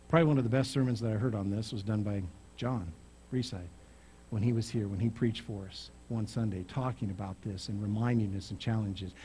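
A male pastor preaching a sermon, telling stories with loud, emphatic rises. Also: lowish voice, slight background noise.

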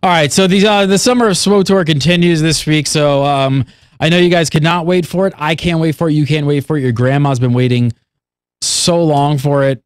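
A man hosting a casual gaming podcast, talking quickly and jokingly with his guests. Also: on the high side, fairly even intonation, smooth, dry recording. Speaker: host.

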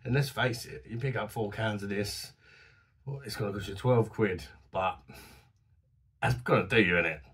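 A man talks through a beer review in a chatty, enthusiastic, slangy way. His voice is husky and a bit hoarse, sitting on the lower side. It sounds like he is recording on a phone camera. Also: normal speed, pauses often, a bit bright.

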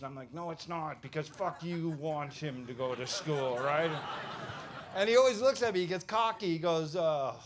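A Canadian stand-up comedian in his fifties telling stories with lots of swearing and quick asides to the audience. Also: high voice. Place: comedy club stage with audience. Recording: noisy club recording. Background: audience laughter and room noise.

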